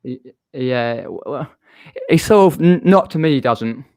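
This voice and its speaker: A man's voice: medium pitch, lively intonation, measured pace, creaky, a little mellow, dry recording, clean studio sound. A man with a Southern English accent hosting a live stream, chatting casually with a guest and reading out viewer comments. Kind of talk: casual chat.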